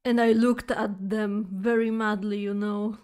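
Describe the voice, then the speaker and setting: A woman streamer telling a chatty, exaggerated story to her viewers, with halting phrasing full of fillers and restarts. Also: mid-range voice, little pitch movement, a little mellow, smooth. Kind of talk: casual storytelling chat.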